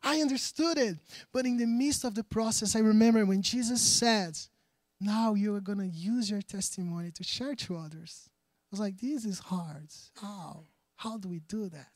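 A man's voice: high-pitched, moderate pace, no room sound. A man from Brazil, preaching a sermon earnestly, often restarting phrases and checking in with the congregation. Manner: earnest, with frequent restarts and "right?" asides.

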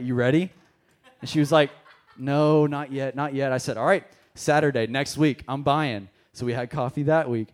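A young man preaching a sermon, telling a personal story in a casual, animated way and addressing the congregation directly. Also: medium pitch. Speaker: pastor. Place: church service.

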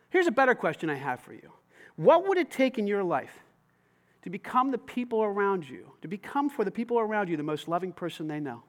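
A man delivers a sermon in a church, his voice pitched unusually high. He preaches in a lively, conversational way, dropping in casual slang as he talks to the congregation. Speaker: pastor.

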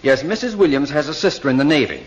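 A man's voice: a little high, expressive, fast, muffled recording, close to an everyday voice. An actor playing a chatty male neighbor with corny jokes, in 1940s radio comedy style. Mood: joking. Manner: folksy punning delivery. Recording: noisy 1940s radio broadcast.

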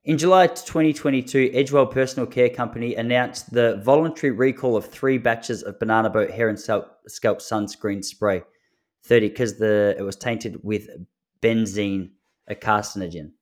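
A man with a fairly low pitch speaks at a moderate pace in this solo comedic podcast monologue. He's the host, in his 30s, a laid-back storyteller who chuckles at his own jokes.

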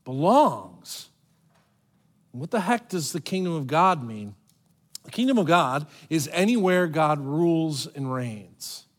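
Animated male pastor preaching. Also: on the high side. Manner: animated, conversational preaching with dramatic pauses. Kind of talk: sermon.

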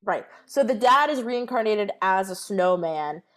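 A woman co-hosting a podcast in casual chat, animated and full of fillers and swearing. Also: mid-range voice, measured pace. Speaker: podcast co-host.

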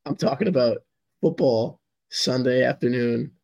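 Hoarse, gravelly young man chatting. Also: medium pitch, normal speed, darkish tone, lo-fi sound. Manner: rambling, laughs often. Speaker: podcast co-host. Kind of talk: casual sports podcast chat.

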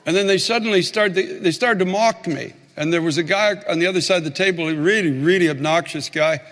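Male pastor, high voice, animated sermon storyteller who repeats lines for emphasis, long reverb of a church hall. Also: fast talker.

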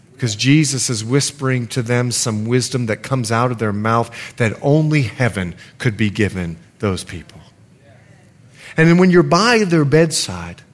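A middle-aged male pastor with a medium-pitched voice preaches a sermon, telling stories with earnest sincerity. On solemn points, he lowers his voice to a hush.

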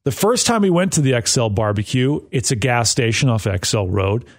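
Male co-host, northern US, animated self-mocking storyteller, lively delivery. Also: medium pitch, moderate pace. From northern United States. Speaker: podcast co-host. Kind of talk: casual chat.

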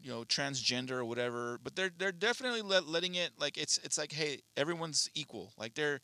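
A man with a very bright, sharp voice rambles through a casual podcast chat. He hesitates often and swears freely, and the sound is close and dry. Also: fairly high pitch, lively intonation, quick pace, no echo. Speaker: podcast co-host.

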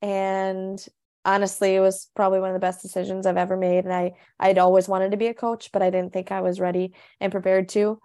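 A woman's voice: medium pitch, monotone, brisk, mellow, smooth, no echo, studio quality. A young woman co-hosting a faith podcast, talking earnestly and casually with lots of fillers. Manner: earnest, chatty, lots of "you know" and "honestly". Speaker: podcast co-host, coach.

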